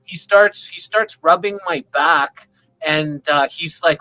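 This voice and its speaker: A man telling a long, rambling story in casual conversation on a video call, keeping it animated and often checking in with the listener. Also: sits high, a little slow, poor audio. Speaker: open panel participant.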